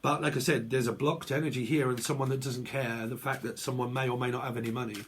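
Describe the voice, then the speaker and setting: A man's voice: medium pitch, fairly even intonation, fast, a little hiss or hum. A man giving a casual tarot reading to camera at home, swearing often, laughing, and acting out both sides of imagined arguments. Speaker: tarot reader.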